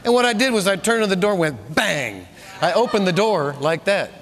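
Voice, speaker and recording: Pastor guy preaching, high voice, lively story, repeats lines, long echo like a big church. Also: brisk, slight background noise. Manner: animated storytelling, repeats phrases for emphasis. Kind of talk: sermon. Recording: long reverb of a large room.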